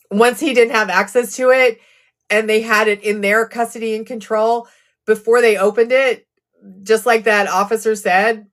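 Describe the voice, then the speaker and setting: A woman's voice: mid-range voice, a bit bright. Woman, true crime streamer, mid-range voice, casual conversational delivery, reads comments aloud, sarcastic asides.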